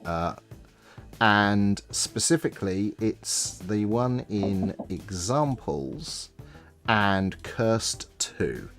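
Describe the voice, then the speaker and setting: A man's voice: fairly low pitch, animated, a bit bright, faint music behind. A man co-hosting a livestream, talking in a casual, easygoing way. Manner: unhurried, easygoing, chuckling. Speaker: co-host of a developer livestream.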